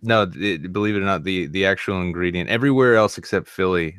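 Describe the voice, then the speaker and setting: Deep-voiced, crude, joking man. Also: fast, a bit bright, clear, resonant tone, dry recording, clean studio sound. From United States. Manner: crude, joking, swears freely. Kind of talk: casual live-stream chat.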